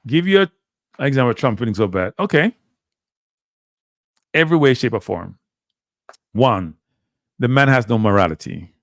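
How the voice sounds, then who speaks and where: Animated man, dry close sound. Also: mid-range voice, dry recording. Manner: animated, repetitive, addresses viewers as "people". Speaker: livestream host. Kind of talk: casual live commentary.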